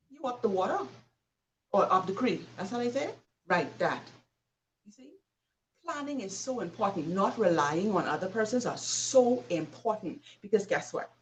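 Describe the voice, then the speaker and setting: A woman host delivering a motivational talk, emphatic and preachy, often asking the listener questions. Her voice sits at a middle pitch and sounds a little away from the mic. A faint noise runs underneath. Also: recorded from a distance, low-quality recording.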